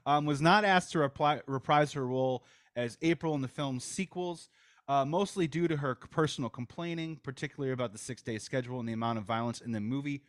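A man's voice: mid-range voice, no room sound. Dry-voiced man hosting a podcast. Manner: recaps trivia in a storytelling way, hands off to guests. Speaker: podcast host. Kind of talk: casual chat.

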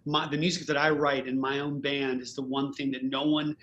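A man's voice: mid-range voice, level tone, a little fast, fairly bright tone, muffled recording, slight background noise. A man hosting a casual podcast chat, an earnest and heartfelt musician who speaks in a grateful tone. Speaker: host and band musician.

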